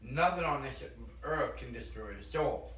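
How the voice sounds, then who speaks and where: A man's voice: medium pitch, lively intonation, unhurried, fairly bright tone. A man in casual chat about faith, speaking in a firm, emphatic way. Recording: echoey room, mic at a distance, faint hiss.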